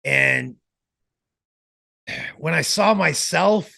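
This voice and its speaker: A man with a heavily gravelly, creaky voice pitched a bit high for a man. He is an interview guest telling road stories in an animated way and playing out the lines of the people in them. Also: drawn-out words. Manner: animated storyteller who acts out quotes and laughs. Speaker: interview guest, former pro wrestler. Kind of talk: casual storytelling interview.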